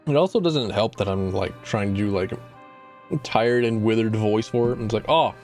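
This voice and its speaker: A tired male game streamer chatting casually while he plays, rambling and halting with lots of filler words. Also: fairly low pitch, darkish tone, soft background music. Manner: rambling, halting, full of "like" and restarts. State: tired and sleepy. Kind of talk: casual live-stream commentary.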